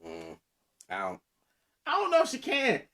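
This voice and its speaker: A man's voice: sits high, wildly swooping pitch, normal speed, a bit bright. A man co-hosting a podcast in casual, playful banter, easygoing and hedging. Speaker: podcast co-host.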